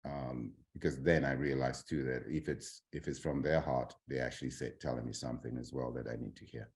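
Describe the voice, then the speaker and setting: Very deep-voiced earnest man. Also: darkish tone. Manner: earnest, thoughtful, pausing with fillers. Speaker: guest. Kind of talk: conversational interview chat.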